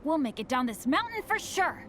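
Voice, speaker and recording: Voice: high voice, sing-song, normal speed. An actor voicing an upbeat, unlucky teenage boy adventurer in a video game, eager and cheerful. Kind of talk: game voice acting.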